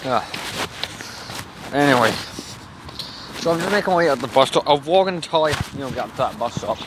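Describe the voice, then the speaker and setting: A young man rambles casually while he walks through city streets, swearing freely. He talks into a handheld camera at an ordinary pitch. Traffic and street noise stay loud around him. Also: animated, fairly quick. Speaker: vlogger. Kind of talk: casual walking vlog. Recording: noisy street recording.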